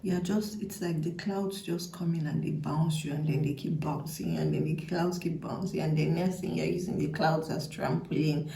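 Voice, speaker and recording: Soft-whispering woman, gravelly and echoey. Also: low-pitched, fairly even intonation, moderate pace, hardly any pauses. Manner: breathy half-whispered delivery, playful, chatty with many likes. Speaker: tarot reader. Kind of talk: intuitive reading to camera.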